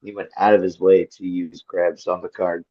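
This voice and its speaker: A man's voice: deep voice, little pitch movement, normal speed, mellow. A man playing a tabletop game in casual role-play chat, blunt and laid-back. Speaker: player. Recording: dull lo-fi mic.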